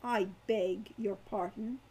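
A man's voice: very high-pitched, normal speed, low-quality recording. A woman reading aloud and voicing an aloof young male spellcaster who speaks icily and scornfully. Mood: cool. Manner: icy, scornful, calm.

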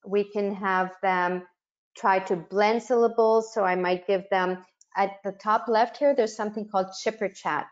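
A woman facilitating a webinar for child care educators, explaining practical activities step by step and modeling words the way she would for children. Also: on the low side. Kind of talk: instructional webinar talk. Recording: muffled lo-fi webinar audio.

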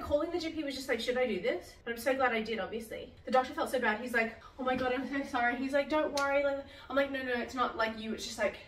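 Fast-talking chatty woman. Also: medium pitch, far from the mic. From Australia. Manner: chatty, lots of "like", animated retelling. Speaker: vlogger. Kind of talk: casual storytelling vlog. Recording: roomy sound from slightly off-mic, faint hiss.

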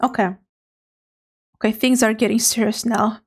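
A woman live streamer chatting casually with her viewers, bubbly, giggly and nervously excited. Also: a little high, moderate pace, soft background music. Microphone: streaming microphone.

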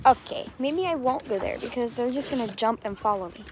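A woman's voice: sits high, quick pace, hardly any pauses. A woman chatting casually to camera outdoors, often telling her dogs to get down. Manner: chatty, scolding dogs between remarks. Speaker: vlogger. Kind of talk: casual vlog talk to camera. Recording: loud wind and background noise.

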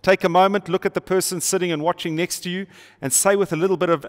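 A man's voice: high voice, fairly even intonation, fast. A middle-aged man preaching a sermon to an online audience, emphatic and repetitive, with rhetorical questions and playful asides. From South Africa. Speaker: pastor. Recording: long hall reverb.

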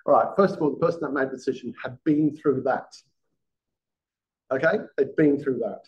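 A former police detective giving a conversational masterclass to a live audience, often quizzing them with questions. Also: male voice, mid-range voice, moderate pace. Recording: dull lo-fi sound.

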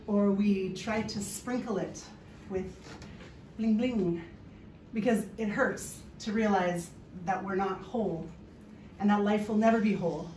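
Slow, playful woman on stage. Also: mid-range voice, a little mellow, a little hiss or hum. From Canada. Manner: playful storytelling, jokes with the audience. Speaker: speaker giving a talk. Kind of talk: humorous stage talk. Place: stage before a live audience. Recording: echoey hall, voice from far off.

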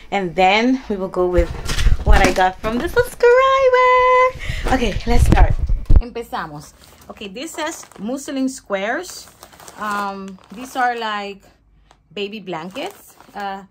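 A young woman in a relaxed home haul vlog, talking in a chatty way with lots of "um" and "like" and dropping into Spanish now and then. She's expecting a baby, and her voice sits at an average pitch with a faint hiss in the background. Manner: chatty, code-switches into Spanish, hesitant fillers. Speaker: vlogger.

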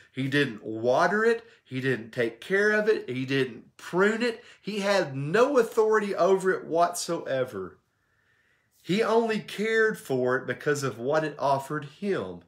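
A man teaching a church Bible study in a conversational way, often checking in with his listeners and acting out the quoted lines. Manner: conversational, checks in with "okay?" and "right?"; animated, acts out quotes with shifts in pitch.

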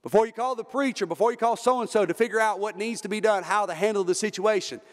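A Southern American man preaching a Baptist sermon with fervor, his voice sitting high for a man. He builds to shouts at the peaks. His words ring through a church sanctuary with a long reverb tail. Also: fast. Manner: fervent, rises to shouting at peaks. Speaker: pastor.

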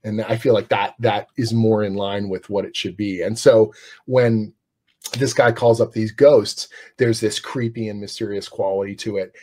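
A man's voice: on the low side, fairly even intonation, normal speed, mellow. A middle-aged man, a comics writer, talking in a casual interview with enthusiasm and many restarts.

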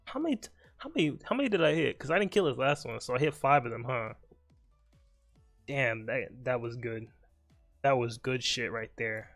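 A young man's medium-pitched voice sounds expressive, gravelly, and a little bright as he comments casually on his live game, faint music playing underneath. Joking around, the streamer talks to his opponent and mutters quickly.

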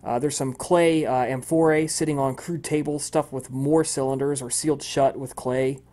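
A man's voice: medium pitch, fairly even intonation, normal speed, dark tone. A man narrating as game master of a tabletop role-playing game, with frequent ums and uhs.

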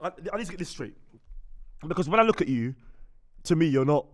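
Brief: host, excitable questioner, high lively voice, talks fast. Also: male voice. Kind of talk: casual chat.

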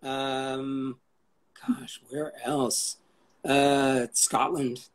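A man's voice: mid-range voice, little pitch movement, very slow. A man chatting as an interview guest, rambling, swearing casually and cracking jokes. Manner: rambling, profane and jokey.

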